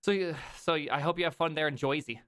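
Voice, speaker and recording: A man from the American Midwest hosts a loose, joking conversation, teasing and breaking into laughter. His voice sits a little high for a man. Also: fast, fairly bright tone, smooth. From South Dakota, US Midwest. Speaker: podcast host. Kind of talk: casual chat.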